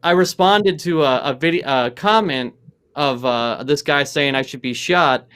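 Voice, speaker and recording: A man's voice: on the high side, measured pace, fairly bright tone, clear, resonant tone. A man hosting a livestream panel, talking casually with frequent restarts and some offhand swearing over a video call. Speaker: stream host.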